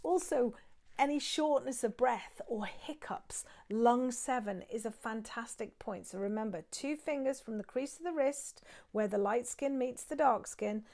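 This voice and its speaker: A woman teaching acupressure and breathing, guiding listeners calmly step by step while she demonstrates on her own hands. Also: fairly high pitch, moderate pace. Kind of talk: guided acupressure and breathing instruction.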